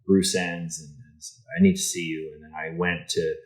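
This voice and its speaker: A man from Canada, a guest in an interview, telling a story with lively acted-out dialogue and many restarts. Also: deep voice, moderate pace, low-quality recording. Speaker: interview guest, insurance executive.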